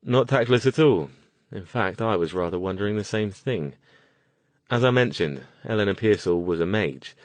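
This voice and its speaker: A composed British mage, as a male audiobook narrator voices him, courteous and understated. His delivery is clipped and measured, with a deep voice recorded close and dry. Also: lively intonation, no echo, close to an everyday voice.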